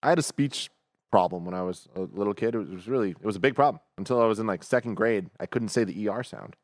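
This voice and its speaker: Relaxed male co-host, low voice, dry close-miked sound, chatty with fillers. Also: fast, no echo. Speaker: podcast co-host. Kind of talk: casual gaming news chat.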